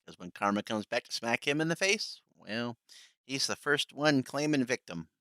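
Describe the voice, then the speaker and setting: A man's voice: mid-range voice, expressive, normal speed, bright, forceful tone, no room sound. A man streaming live, sarcastically mocking clips and swearing casually as he fiddles with settings.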